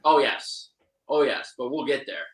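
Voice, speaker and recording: A man's voice: mid-range voice, fairly even intonation, measured pace, roomy sound, crowd noise, low-quality recording. A man co-hosting a film review podcast, recapping the plot in a mock-serious, dryly sarcastic way.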